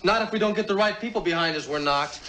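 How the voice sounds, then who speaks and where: A young actor playing an impatient teenage band leader who snaps and pushes the others, in a film soundtrack with noise behind. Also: male voice, sits high, quick pace, echoey room, lightly acted. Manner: demanding, exasperated, snappy.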